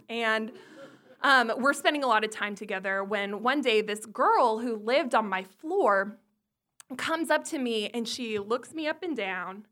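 Animated, bright-voiced woman storyteller. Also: on the high side. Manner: animated, comic, swears freely. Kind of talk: personal storytelling.

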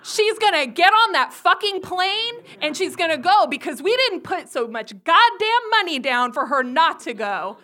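A woman playing her furious, swearing middle-aged father, shouting and cursing. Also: extremely high pitch, very animated, normal speed, few pauses, voice pushed up, full character voice.

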